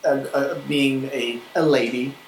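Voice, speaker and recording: A woman co-hosting a podcast, introducing clips in lively banter. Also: very deep voice, a little slow. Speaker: podcast co-host. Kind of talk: casual chat. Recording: roomy with faint hiss.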